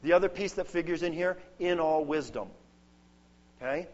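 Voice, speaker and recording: Guy preaching a sermon, kinda high voice, earnest, muffled lo-fi recording. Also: moderate pace. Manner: earnest and emphatic, building through lists. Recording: dull lo-fi sound.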